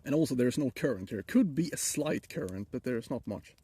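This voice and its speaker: A man's voice: mid-range voice, expressive, fairly quick, mellow, slightly rough. A middle-aged man with a Swedish accent, joking and rambling to his chat while streaming from a frozen lake. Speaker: livestreamer. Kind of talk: casual live stream chat.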